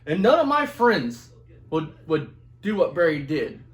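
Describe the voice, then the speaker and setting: A man in his twenties retelling a story in casual, profane chat, animated and laughing as he talks. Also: a little high, a little slow. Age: 20s. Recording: echoey room.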